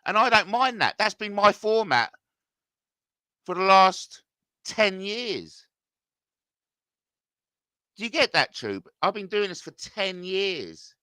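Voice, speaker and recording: A man's voice: high-pitched, very animated, takes it slowly, pauses often, bright, forceful tone, smooth, no echo, studio quality. A middle-aged man reading out viewer comments and ranting back, agitated and swearing, his voice climbing when confronted.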